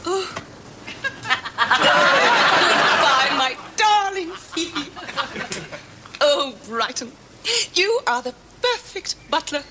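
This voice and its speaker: A woman's voice: very high voice, big pitch swings, extremely slow, pauses often, background noise, exaggerated voice. A woman playing a fussy, bossy upper-class lady in a TV sketch, talking in a posh, fluttery way. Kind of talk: 1980s TV sketch comedy.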